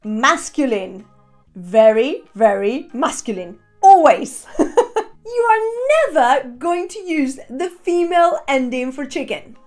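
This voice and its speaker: High, lively, playful woman teaching. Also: takes it slowly, faint music behind. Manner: playful, theatrical, laughs often. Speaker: Spanish teacher. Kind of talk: online language lesson.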